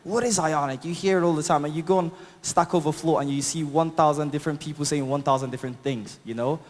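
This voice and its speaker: Speaking at a quick pace with fairly even intonation and a slightly high voice, a man with a non-native English accent gives a live tech talk and demo. Long reverb from the large conference hall surrounds his chatty, upbeat talk, which is full of fillers and laughter at his own jokes.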